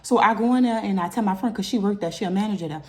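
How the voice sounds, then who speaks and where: In her casual storytime video, a young woman races through a personal story at a very fast clip. She stays animated throughout and breaks into loud, high-pitched bursts when upset.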